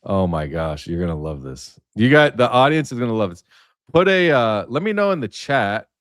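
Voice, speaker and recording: A man with a fairly low voice hosts a live stream, rambling through his stories with frequent fillers and restarts. His voice sits close to the mic with a dry, unreverberant sound. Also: big pitch swings, moderate pace, no echo. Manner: rambling storyteller, many fillers. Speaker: livestream host. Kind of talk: casual livestream chat.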